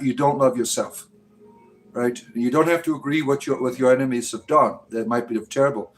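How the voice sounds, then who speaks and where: A man's voice: medium pitch, a little hiss or hum. Taunting man hosting a livestream. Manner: mocking, taunting. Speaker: livestream host. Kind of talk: casual provocative livestream talk.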